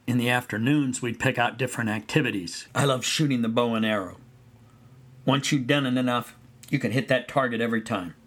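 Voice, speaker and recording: A man narrating a first-person story of his boyhood at summer camp in a relaxed storytelling way. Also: mid-range voice, brisk, breathy edge. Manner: relaxed storytelling, sings song snippets.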